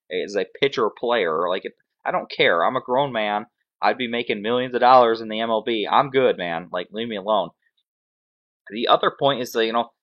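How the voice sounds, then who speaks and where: Ranting sports-show host man, dull sound. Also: on the low side. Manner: animated, sarcastic, ranting. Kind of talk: casual sports commentary.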